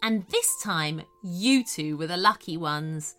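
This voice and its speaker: A woman's voice: lowish voice, animated, takes it slowly, bright, forceful tone, faint music behind, pitched below the performer's own voice, exaggerated voice. A woman voicing a sweet, welcoming little girl wizard made of candy magic in a children's storybook.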